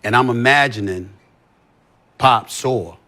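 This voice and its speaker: A man's voice: medium pitch, slow, bright, forceful tone. A man talking in a heated, profane podcast conversation, pressing his points again and again. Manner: emphatic, profane, repeats points. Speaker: sports commentator as podcast guest.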